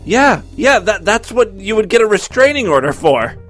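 A man's voice: sits high, very animated, moderate pace, fairly bright tone, soft background music. A man hosting a radio talk show, making sarcastic, mocking remarks over a clip. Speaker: radio host.

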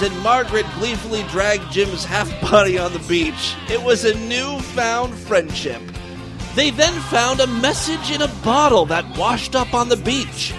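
Animated man hosting a crude comedy show. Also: sits high, measured pace, over music, low-quality recording. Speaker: podcast host. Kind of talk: comedic story narration.

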